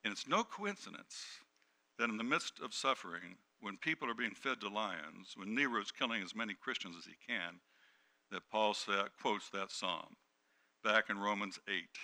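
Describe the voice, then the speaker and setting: A middle-aged male pastor preaching a sermon, dropping to hushed tones and then rising to loud, emphatic peaks. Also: on the low side, animated, moderate pace. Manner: dynamic preaching, swings from hushed to shouting.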